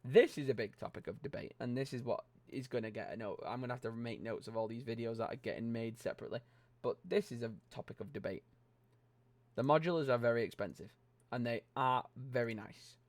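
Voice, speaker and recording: A man's voice: medium pitch, brisk, dry recording. A young British man hosting a LEGO vlog, ranting bluntly about set prices and swearing casually into a close microphone. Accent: British English. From Britain. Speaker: LEGO channel host. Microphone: close desk microphone.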